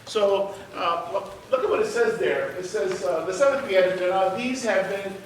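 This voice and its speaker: A man teaching a church Bible class. He tells personal stories in an animated way, stammers and restarts, laughs as he talks, and drops his voice low for effect. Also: moderate pace, slight background noise. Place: church sanctuary. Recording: roomy church sound picked up from a distance.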